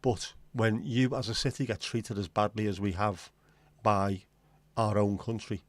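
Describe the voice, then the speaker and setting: A man's voice: lowish voice, steady tone, a little slow, no echo. A man with a Scouse accent, hosting a livestream in casual, blunt, sweary banter with his viewers. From Liverpool, England. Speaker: livestream host.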